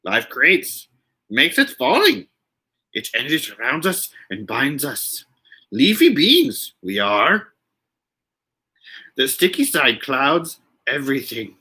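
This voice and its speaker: A man's voice: mid-range voice, wildly swooping pitch, sharp tone, breathy edge, full character voice. A man putting on Yoda, ancient alien master. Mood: mock solemn. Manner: inverted word order, halting, breaks into laughter. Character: ancient tiny wise alien master, male. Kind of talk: comic impression reading a word game.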